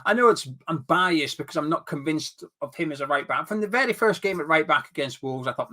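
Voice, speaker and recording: A young man hosts a football fan chat, plainly worked up and exasperated. His voice is bright and sits a little high, and it swings widely as he rants. He turns sarcastic now and then. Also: expressive, a little fast, hardly any pauses. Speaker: fan channel host. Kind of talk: heated football fan commentary.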